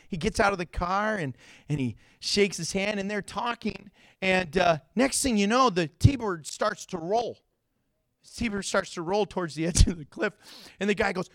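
High-voiced animated male preacher. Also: moderate pace, no echo, studio quality. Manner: animated storytelling, gets loud and high acting out scenes; jokes and laughs between points. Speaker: pastor. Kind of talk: sermon.

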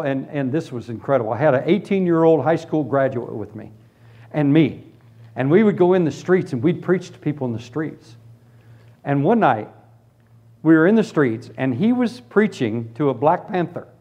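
A man preaching and giving his personal testimony, telling it as a lively story and acting out the other people in it. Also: fairly high pitch. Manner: animated storytelling, acts out voices. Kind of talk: testimony sermon.

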